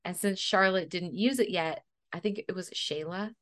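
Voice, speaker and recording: A young adult woman chatting casually, telling animated stories and acting out quotes. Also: lowish voice, normal speed. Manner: animated storyteller, acts out quotes. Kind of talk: casual chat.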